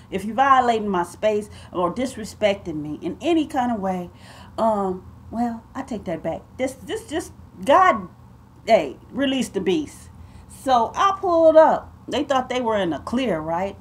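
A woman tells a story straight to her viewers. Her voice sits at an ordinary middle pitch, and she talks in an animated, emphatic way, calling them y'all and babe. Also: slight background noise. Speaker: vlogger.

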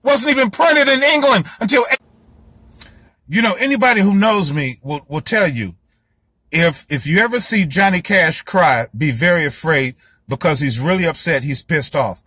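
A man's voice: sits high, normal speed, pushed and bright, slightly rough, no echo. A man giving a heated solo monologue to his audience, ranting in a fiery, profane, preachy way. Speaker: host lecturing his audience.

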